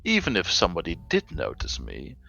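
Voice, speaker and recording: Sadistic game killer, gloating and low-voiced, a man putting him on, dull lo-fi sound. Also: huge pitch swings, gravelly, sharp tone, soft background music, full character voice. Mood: gloating menace. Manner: slow, gloating and menacing. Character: smug adult male serial killer, sadistic.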